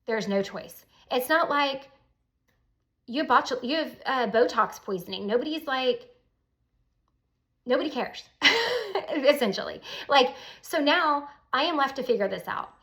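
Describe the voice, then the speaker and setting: A woman telling her personal story in a casual, animated, emphatic way. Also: high-pitched, measured pace, pauses often. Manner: animated, emphatic, with Southern "y'all".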